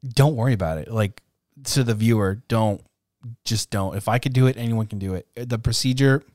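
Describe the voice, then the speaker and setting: A man's voice: fairly low pitch, normal speed, darkish tone, no room sound, clean studio sound. A man co-hosting a casual podcast, talking in a laid-back, self-deprecating way and laughing often. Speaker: podcast co-host.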